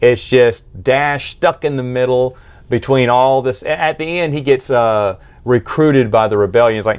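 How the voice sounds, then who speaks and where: A man's voice: mid-range voice, steady tone, moderate pace, clear, resonant tone, lo-fi sound. Male book reviewer, casual and enthusiastic, talks in loose rambling retellings.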